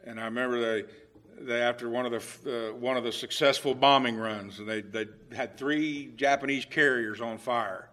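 A middle-aged man preaches conversationally in a medium-pitched, steady voice at normal speed. His sermon is full of restarts and shifts between hushed and emphatic delivery.

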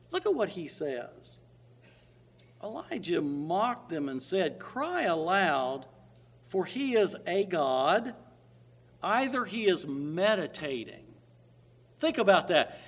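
A man preaching a sermon, reading scripture slowly and building to emphatic, loud peaks on key points. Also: high voice. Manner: dynamic, rising to emphatic peaks on key words.

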